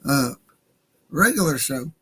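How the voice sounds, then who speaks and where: A man hosting a radio livestream in casual, rambling talk with loud laughing outbursts. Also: mid-range voice, animated, a little slow, slightly rough. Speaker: radio show host.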